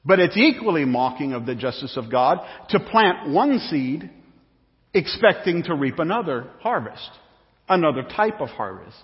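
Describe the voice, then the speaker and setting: A man's voice: on the high side, very animated, normal speed. A man preaching a sermon to a congregation in a conversational, storytelling way, recorded in an echoey church with dull sound. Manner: conversational, repetitive, anecdotal. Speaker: pastor. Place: church sanctuary.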